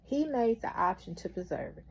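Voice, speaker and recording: A woman telling a story with a moral in an animated way, with preacherly exclamations. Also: medium pitch, normal speed, husky. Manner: animated, laughing through the story. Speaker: motivational storyteller.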